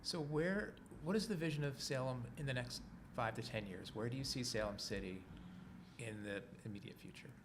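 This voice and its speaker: A man interviewing a guest on a podcast, asking brief, soft-spoken questions. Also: medium pitch, normal speed, noisy background.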